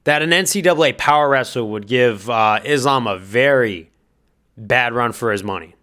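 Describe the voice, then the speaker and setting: A man's voice: medium pitch, moderate pace, a bit bright. A man giving casual spoken fight commentary, thinking aloud and hedging his guesses, then giving direct advice.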